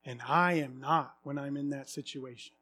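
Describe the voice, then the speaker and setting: A man in his thirties preaching a sermon, earnest, swinging from hushed confession to loud exclamations. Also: medium pitch, steady tone, moderate pace, faint music behind.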